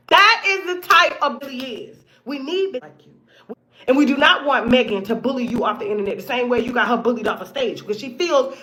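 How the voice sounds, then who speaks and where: This is a woman delivering a casual commentary monologue as host of her own show. Her tone is bright and forceful, and her talk is blunt and full of profanity. She jumps between loud, punchy lines and quiet, low asides.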